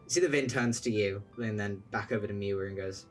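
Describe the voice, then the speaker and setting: A man's voice: lowish voice, fast talker, soft background music. Man narrating a tabletop game. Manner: relaxed, descriptive, with fillers. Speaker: game master.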